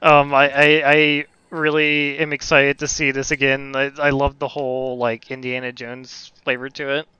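A man's voice: medium pitch, completely flat delivery, normal speed, few pauses, sharp tone, clear, resonant tone, no room sound, muffled recording. A man co-hosting a casual podcast, enthusiastic and stammering a little. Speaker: podcast co-host. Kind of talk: casual chat.

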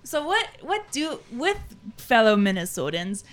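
A woman chatting casually on a podcast, telling lively stories and acting out the voices of the people in them. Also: fairly high pitch, measured pace. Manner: animated storyteller acting out quoted voices. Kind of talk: casual chat. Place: lives in Salt Lake.

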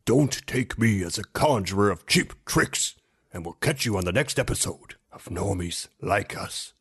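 A man's voice: lowish voice, lively intonation, measured pace, a bit bright, breathy edge, heavily acted. A man doing an impression of a grave old male wizard for a podcast outro. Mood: solemn.

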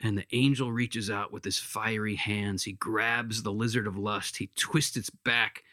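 A man's voice: on the low side, steady tone, measured pace, sharp tone, dry recording, studio quality. An earnest man retelling a story in conversation, with hesitant restarts. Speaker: speaker giving spiritual counsel.

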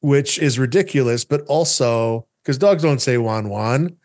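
A man hosting a casual podcast chat, brisk and wry as he moves the talk along. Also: mid-range voice, darkish tone.

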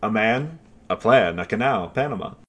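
A man's voice: fairly low pitch, animated, normal speed, breathy edge. A man co-hosting a podcast, talking about a movie in a joking, playful way. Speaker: podcast co-host. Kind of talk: casual chat.

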